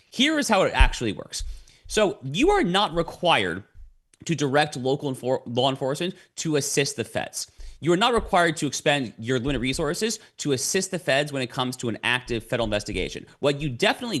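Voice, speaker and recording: Animated man explaining at length. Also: mid-range voice. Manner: lecturing, animated, repeats words when starting. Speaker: podcast guest. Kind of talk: explanatory conversation.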